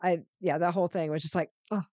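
Low-voiced woman podcast co-host. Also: steady tone, fast talker, a little mellow, dry recording. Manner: agreeable, frank, many "mm-hmm"s. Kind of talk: casual chat recapping reality TV.

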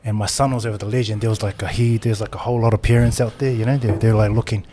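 A man from Samoa, co-hosting a podcast, who tells family stories in a relaxed, chatty way. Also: fairly low pitch, racing, a little hiss or hum. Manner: laid-back, laughing anecdote telling. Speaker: podcast co-host. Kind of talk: casual storytelling chat.

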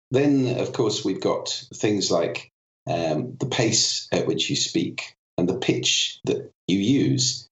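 Very deep-voiced man with a cold. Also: reverberant, highs cut off. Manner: articulate, demonstrates vocal effects as he explains. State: has a cold. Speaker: podcast guest, voice and communication expert. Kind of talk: explanatory interview talk.

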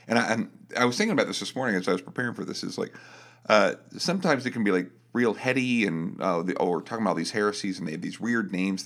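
Low gravelly-voiced man, easygoing. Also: a bit bright. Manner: easygoing, jokes, reads passages aloud. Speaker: podcast co-host. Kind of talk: casual faith discussion.

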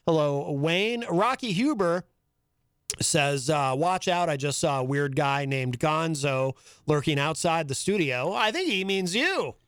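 Guy hosting a radio talk show, kinda high voice, dry close mic, reads chat stuff and laughs a lot. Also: lively intonation, a little slow, a bit bright, clean tone, dry recording. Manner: reads chat messages aloud with chuckles.

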